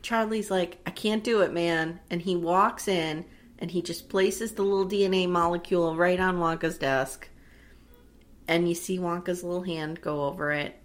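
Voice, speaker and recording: A woman co-hosting a casual chat, retelling a movie with lively acted-out voices and frequent swearing. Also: fairly low pitch, normal speed. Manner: animated storyteller acting out movie scenes, swears freely. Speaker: podcast co-host.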